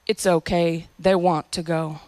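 A woman voicing a gentle male airport security agent with a Southern US accent, speaking softly and reassuringly. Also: high-pitched, huge pitch swings, unhurried, no room sound, voice pushed up, heavily acted. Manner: soft, reassuring.

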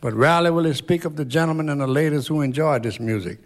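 A man introducing a song from a concert stage in a slow, folksy storytelling manner. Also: fairly high pitch. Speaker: banjo player and singer. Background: banjo playing.

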